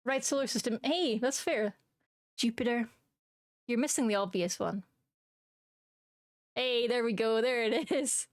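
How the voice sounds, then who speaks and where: In an unhurried voice on the high side, pausing often, a woman chats casually with her stream viewers. She jokes, laughs frequently and comes across giggly and silly, with studio-quality sound and no room noise.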